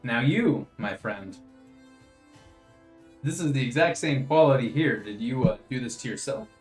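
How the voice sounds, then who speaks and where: A man's voice: mid-range voice, lively intonation, unhurried, close to an everyday voice. A man voicing a male mentor in a tabletop game who gives frank but kindly critiques, in an echoey room with faint music. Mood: approving. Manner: gives blunt critiques gently.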